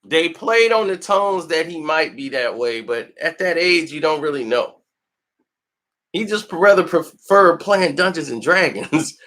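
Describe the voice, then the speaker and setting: A man's voice: on the high side, expressive, a little slow, fairly bright tone. A man hosting a film review channel, chatting casually and telling stories with lots of laughter and acted-out quotes. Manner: laughs often, tells stories animatedly; acts out quotes in put-on voices. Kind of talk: casual chat.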